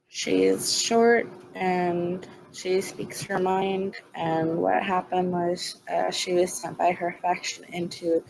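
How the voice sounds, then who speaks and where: Slow, gravelly-voiced woman player. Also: fairly low pitch, darkish tone, slight background noise, low-quality recording. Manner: halting, filler-heavy. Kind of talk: tabletop game chat.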